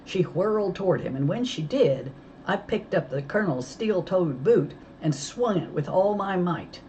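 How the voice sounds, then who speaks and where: A woman reading a children's novel aloud, telling it with lively storytelling. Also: fairly low pitch, moderate pace, dull audio, a little hiss or hum. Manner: lively storytelling, voicing characters. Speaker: audiobook reader.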